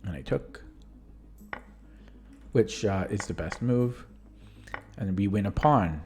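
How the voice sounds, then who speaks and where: A man's voice: fairly low pitch, animated, takes it slowly, a little mellow, soft background music. A young man who is losing his voice, talking casually through his own chess tournament games on a live stream. He rambles, stops to correct himself and lets sentences trail off.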